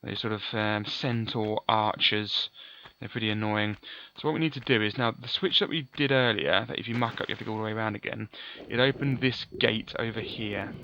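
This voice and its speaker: A man's voice: lowish voice, a little fast, pushed and bright, highs cut off, slight background noise. A man giving chatty, offhand let's play commentary, often correcting himself. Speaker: gaming commentator.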